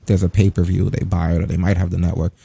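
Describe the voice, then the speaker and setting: Male podcast host, deep, gravelly, dark-toned, relaxed rambling chat. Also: fast talker.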